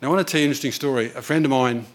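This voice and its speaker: A man's voice: mid-range voice, racing. A man preaching a sermon, telling a story in an earnest, conversational way.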